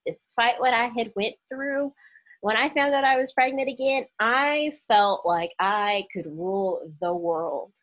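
A woman's voice: a little high, unhurried, fairly bright tone, low-quality recording. A young woman from Oklahoma telling a personal story in a casual vlog, acting out the voices of the people she quotes.

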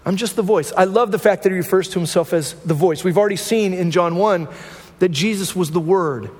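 High-voiced man preaching in a reverberant hall. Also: brisk. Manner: conversational preaching, frequent rhetorical "right?". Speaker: pastor. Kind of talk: sermon. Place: church sanctuary.

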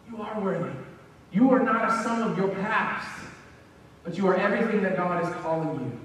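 A man preaching a sermon as pastor, telling the story in a conversational, animated way with asides to his congregation. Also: high voice, moderate pace, long pauses, slight background noise. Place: church sanctuary. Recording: echoey hall, mic from far off.

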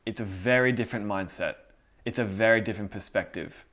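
A male pastor preaching to a group with a fairly low voice. He talks like a friend rather than from a pulpit script, earnest and direct, with frequent little laughs. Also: a little fast, fairly bright tone. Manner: earnest, conversational, laughs often. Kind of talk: sermon.

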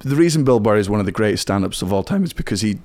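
A Scottish comedian talking casually as a podcast guest, swearing constantly and speaking in emphatic bursts. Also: male voice, lowish voice, lively intonation, racing, a little mellow, no room sound. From Scotland.

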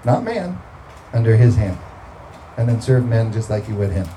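A man's voice: fairly low pitch, big pitch swings, moderate pace, mellow, a little hiss or hum, low-quality recording. A man preaching a sermon, talking through scripture in a conversational way and breaking into emphatic bursts.

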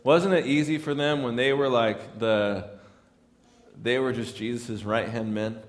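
A man's voice: mid-range voice, fairly even intonation, a little slow, big-room sound. A man preaching a sermon in a conversational way, often repeating words as he restarts his lines. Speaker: pastor.

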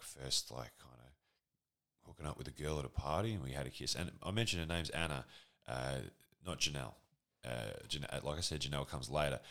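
An Australian man in his forties with a bottomless, rumbling bass voice spins a casual comedic anecdote. He rambles, swears freely and pokes fun at himself as he goes. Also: fairly bright tone. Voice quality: extremely deep voice. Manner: rambling, profane, self-deprecating storytelling.

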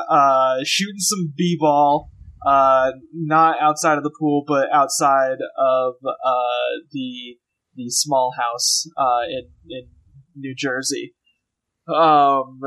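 A man's voice: a little high, steady tone, slow pace, a bit bright. Rambling, joking man recapping a show. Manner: rambling, joking, many fillers. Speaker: podcast co-host. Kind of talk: casual comedic recap.

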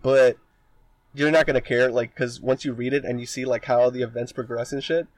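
A man's voice: medium pitch, steady tone, brisk, no echo. A man co-hosting a podcast, rambling through a story retelling with lots of filler words and casual swearing. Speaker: podcast co-host.

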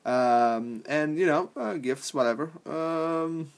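A man's voice: on the high side, takes it slowly, smooth. A young adult man hosting a podcast, rambling casually and swearing, laughing often between thoughts. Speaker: podcast host.

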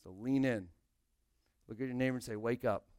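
A man's voice: mid-range voice, brisk, a little mellow, dry recording, clean studio sound. A male pastor preaching a sermon, explaining scripture and speaking directly to his congregation.

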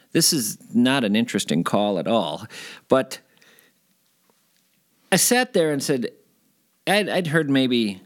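Man, middle-aged, from Minnesota, casual interview storytelling, animated, swoops high when excited. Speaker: guest storyteller.

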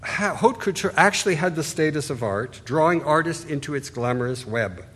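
A man's voice: a little high, animated, moderate pace, fairly bright tone. A man giving an art history lecture, talking loosely and pointing things out on slides, often restarting his phrases. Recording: hall reverb, husky voice.

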